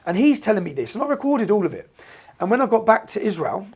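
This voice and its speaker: Fast, gravelly English man telling a story. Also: sits high, very animated, a little mellow. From England. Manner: recounts dialogue, frequent "yeah?" tags. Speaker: guest. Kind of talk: animated storytelling conversation.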